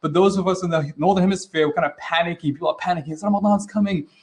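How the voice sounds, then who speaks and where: Speaking very fast in a fairly high voice, a webinar host and trainer runs an interactive online teaching session. His tone is casual and lively, he acts out the reactions he quotes, and Arabic religious phrases come up often.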